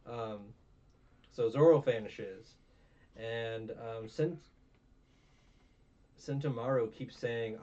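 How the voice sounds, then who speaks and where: A man's voice: lowish voice, very slow, pauses often, mellow. A tired young man hosting a casual review chat, rambling with many fillers and self-mocking asides. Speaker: podcast host. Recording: distant, dull mic with faint noise.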